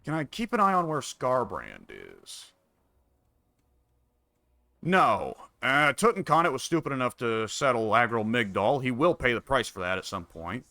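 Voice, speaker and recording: A man's voice: mid-range voice, very animated, unhurried, sharp tone, no echo. A man casually commenting on his own strategy game, musing and wry, talking half to himself. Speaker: gameplay commentator.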